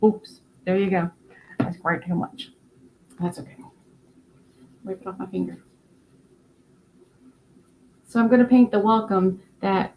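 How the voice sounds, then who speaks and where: A tired woman with a North Carolina Southern accent, hosting a casual craft live stream and rambling through her explanations with many fillers and halting words. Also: medium pitch, dark tone, a little hiss or hum, rough recording.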